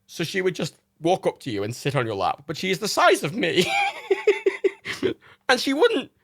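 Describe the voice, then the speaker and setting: A man's voice: high voice, huge pitch swings, moderate pace, creaky, fairly bright tone, no echo, clean studio sound. A young man hosting a livestream, chatting in a casual storytelling way, laughing often and swearing casually. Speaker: livestream host.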